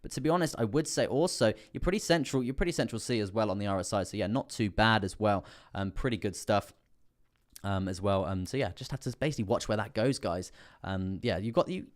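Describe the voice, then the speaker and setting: A man's voice: lowish voice, fairly quick. A young British man hosting a crypto livestream, talking through price charts in a loose, rambling way with lots of fillers and a slightly strained voice. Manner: rambling, repeats fillers and "coming through there". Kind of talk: live trading chart analysis.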